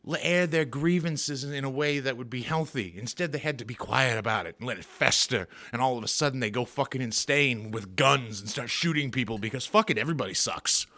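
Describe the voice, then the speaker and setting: A man's voice: medium pitch, brisk, few pauses, sharp tone. A man doing an angry, profane, sarcastic comedy rant as a vlogger.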